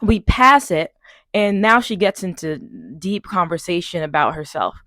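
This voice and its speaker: Animated young woman telling a story. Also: lowish voice, normal speed, no echo. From Long Island, New York. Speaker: vlogger. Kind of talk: story time vlog.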